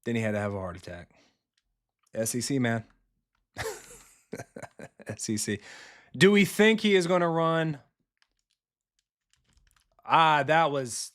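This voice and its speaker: A man streaming a football video game live, talking casually and bluntly with his viewers and reacting quickly to the plays. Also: mid-range voice, sing-song, fairly bright tone. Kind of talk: live gameplay commentary, chatting with viewers.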